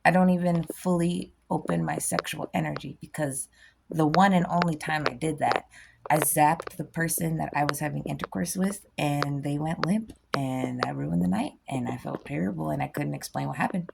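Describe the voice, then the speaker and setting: A woman giving a blunt, impassioned motivational rant as a spiritual vlogger, swinging from loud bursts to soft whispers. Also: deep voice, normal speed, gravelly, noisy background.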